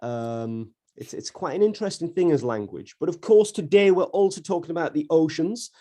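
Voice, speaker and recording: A man's voice: fairly high pitch, animated, normal speed, dark tone. A man hosting a school radio show in chatty, casual talk with frequent restarts. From North East England. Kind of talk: casual live chat.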